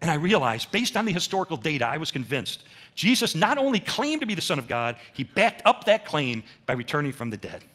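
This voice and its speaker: An older man telling his faith story as a sermon at a church, with animated storytelling and acted-out quotes. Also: a little high, brisk. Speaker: speaker at a church. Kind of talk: testimony sermon.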